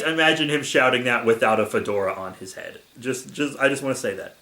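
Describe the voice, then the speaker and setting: A man's voice: mid-range voice, a little fast, hardly any pauses, pushed and bright, roomy sound. A young man hosting a comedic fan fiction reading, sarcastic and exasperated.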